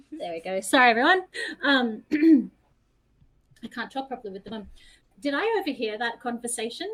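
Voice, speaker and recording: A woman's voice: a little high, expressive, moderate pace, long pauses, poor audio. Chatty woman tabletop player. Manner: chatty, self-deprecating. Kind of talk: tabletop game play.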